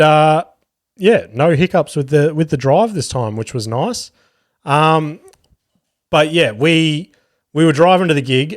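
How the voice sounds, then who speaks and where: A man's voice: a little high, no echo, studio quality. A man in his thirties with an Australian accent, chatting casually on his solo podcast, rambling with plenty of swearing and filler words. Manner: rambling, swears freely, lots of ums and likes. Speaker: podcast host and comedian.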